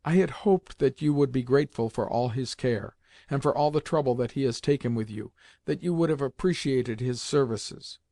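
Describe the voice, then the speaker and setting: A man's voice: medium pitch, normal speed, warm tone, no echo, clean studio sound, natural voice. A man reading the part of a stern, reproachful old aristocratic grandmother, with raised, emphatic scolding delivery.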